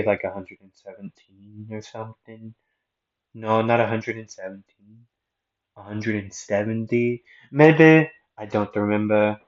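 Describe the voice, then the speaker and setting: A man's voice: lowish voice, lo-fi sound, close to an everyday voice. A man voicing a confused, long-lived male warrior with a put-on thick foreign accent, rambling and bewildered. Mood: unsure.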